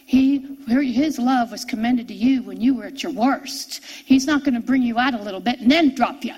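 A middle-aged woman preacher telling a personal story in a sermon, animated and repeating key phrases for emphasis. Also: on the high side, normal speed, husky, rough recording.

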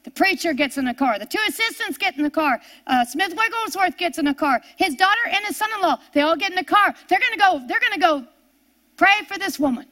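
High-pitched older woman preacher, emphatic storytelling with repeats and hushed turns. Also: expressive, a little fast. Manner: repeats words and phrases, dramatic swings from emphatic to hushed. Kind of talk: sermon storytelling.

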